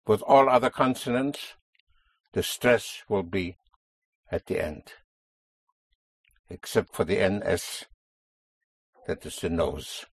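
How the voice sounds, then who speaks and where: A man's voice: sits low, lively intonation, takes it slowly, long pauses, breathy edge, no echo. A man teaching a language lesson, explaining a stress rule patiently and stressing key words.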